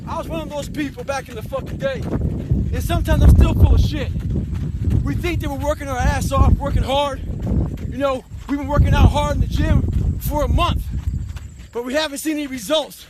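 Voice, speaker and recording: A man's voice: extremely high pitch, fairly even intonation, moderate pace, very noisy. A man giving a blunt, intense motivational talk, commanding and full of profanity. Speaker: motivational speaker.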